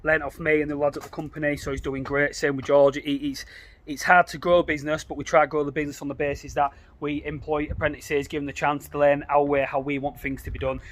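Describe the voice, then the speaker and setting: A man's voice: on the high side, little pitch movement, quick pace. Chatty tradesman vlogging on site. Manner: chatty, banters and laughs with the crew. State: tired. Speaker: plumbing business owner. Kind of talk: casual on-site vlog narration. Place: building site bathroom.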